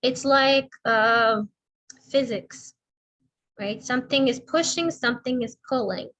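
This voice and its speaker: A middle-aged woman speech therapist giving a slow, deliberate instructional talk, demonstrating intonation as she explains. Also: fairly high pitch, a bit bright, lo-fi sound.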